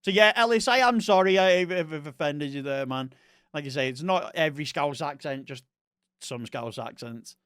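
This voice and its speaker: Young East Scottish male streamer, rambling casual chat, smooth resonant voice. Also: fairly high pitch, moderate pace, a bit bright, no room sound, studio quality. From Scotland. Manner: chatty and rambling, talks to chat viewers.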